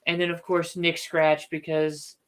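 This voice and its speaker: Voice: mid-range voice, little pitch movement, unhurried, a little hiss or hum. An author hosting a casual book livestream, thinking aloud with restarts and firm opinions.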